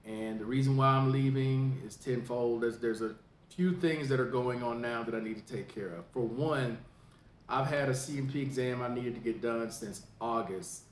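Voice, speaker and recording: A man who hosts a veterans information podcast, from the United States, giving a casual spoken update in a plain, unhurried way with many fillers. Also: medium pitch, reverberant, a little hiss or hum. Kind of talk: casual straight-to-camera update.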